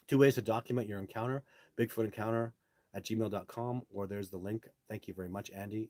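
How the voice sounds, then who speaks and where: A man's voice: on the low side, warm tone, slightly rough, dry recording. A man hosting a casual live stream, reading viewer comments and telling blunt, brash stories. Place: home setup, speaking to a phone.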